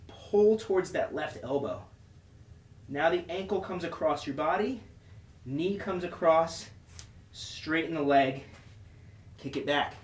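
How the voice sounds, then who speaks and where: A man's voice: on the high side, echoey room, distant mic. A man coaching a follow-along workout with short, encouraging cues, out of breath as he exercises along. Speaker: fitness instructor.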